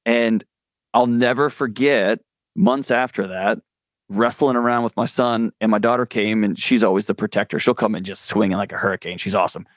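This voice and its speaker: A man's voice: on the low side, normal speed, no echo. A man speaking as a guest mental health expert, telling stories in an earnest, candid way. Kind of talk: conversational interview.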